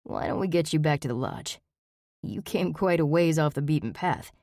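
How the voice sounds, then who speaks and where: A woman voicing a kind young man who speaks gently and reassuringly to a friend. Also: sits low, animated, moderate pace, dry recording, clean studio sound.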